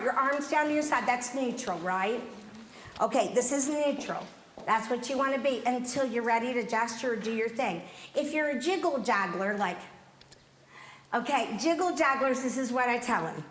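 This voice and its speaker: A woman coaching an acting workshop, brisk, bubbly and directive. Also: on the high side. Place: theatre workshop room. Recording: echoey room with faint noise.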